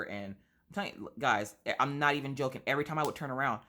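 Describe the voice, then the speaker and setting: A woman with a slightly stuffy nose chats casually as she colors on camera. She vents in a lively, theatrical way and piles up one rhetorical question after another. Her tone stays easy and conversational. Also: very deep voice, quick pace. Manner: animated, exaggerated rhetorical complaining. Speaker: craft vlogger. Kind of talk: casual chat while coloring.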